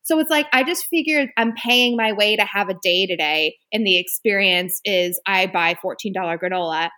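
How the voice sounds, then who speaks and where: A woman chatting casually as a co-host, telling a story with lively acted-out quotes and some swearing. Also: medium pitch, moderate pace. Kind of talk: casual chat.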